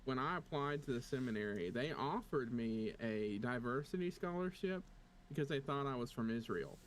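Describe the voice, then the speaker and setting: A man's voice: mid-range voice, animated, moderate pace, slight background noise. A man from Tennessee with a Southern drawl, chatting in an easygoing way and laughing often. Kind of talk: casual chat.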